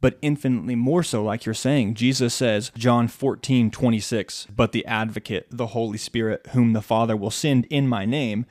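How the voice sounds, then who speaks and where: A man of middle pitch co-hosts a casual faith podcast. He affirms his partner with enthusiasm and quotes scripture. The sound is dry and close. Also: normal speed, few pauses, a little mellow, no room sound. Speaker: podcast co-host.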